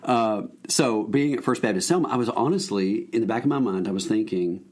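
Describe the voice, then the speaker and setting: A man, a minister telling his story as a podcast guest in a lively, joking, folksy way. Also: lowish voice, brisk. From Alabama, US. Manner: animated, jokey, folksy. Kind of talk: casual storytelling conversation.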